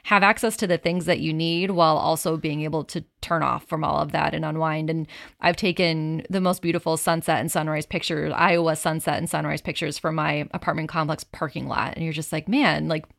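Low, gravelly young woman with a Chicago accent. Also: steady tone, brisk, no room sound, clean studio sound. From Chicago suburbs. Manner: chatty, upbeat, repeats words as she goes. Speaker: guest. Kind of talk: casual chat.

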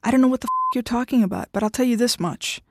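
A woman's voice: a little high, quick pace, background noise, lightly acted. A woman reading the lines of a firm, blunt estranged wife who is running out of patience. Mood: angry.

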